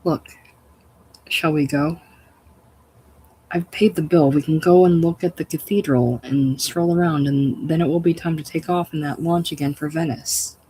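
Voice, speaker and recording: A storyteller voicing a worried husband who gently coaxes his shaken wife, in a plain everyday voice. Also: mid-range voice, steady tone, moderate pace, breathy edge, natural voice, rough recording. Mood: soothing.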